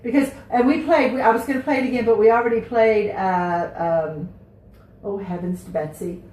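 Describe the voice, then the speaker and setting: A woman's voice: mid-range voice, moderate pace, darkish tone, distant mic. A woman hosting a radio show, chatty and rambling, often losing her train of thought. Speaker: radio host. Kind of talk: casual radio chat. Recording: roomy, off-mic.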